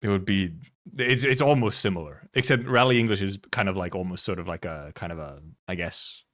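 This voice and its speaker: A man's voice: low-pitched, brisk, fairly bright tone. A man from Finland, streaming and chatting casually, rambling, laughing often and swearing freely. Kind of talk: casual livestream commentary.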